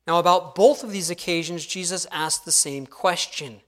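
A middle-aged male pastor preaching a sermon in an earnest way, often dropping to a hushed tone to stress a point. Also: high-pitched, moderate pace.

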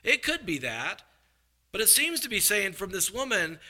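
Male evangelist mid-sermon, bright and slightly high voice, dramatic swings between loud and hushed delivery. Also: moderate pace. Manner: animated, rising to emphatic bursts, then dropping low and confiding. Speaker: preacher.

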